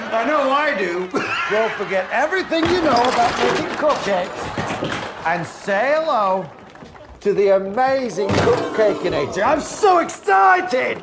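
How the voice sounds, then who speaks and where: A frantic cartoonish cat pitching a gadget, shrieking way up high and swooping wildly between notes while drawing each phrase out slowly. He shouts like an over-excited announcer. It's a film clip buried under a roaring crowd and heavy noise. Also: heavily acted. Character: manic male cat hosting a loud infomercial.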